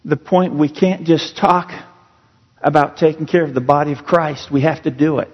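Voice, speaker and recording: A man's voice: on the high side, moderate pace, breathy edge, in a large hall, lo-fi sound. A male pastor preaching a sermon in a church, earnest and storytelling, leaning hard on key words. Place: church sanctuary.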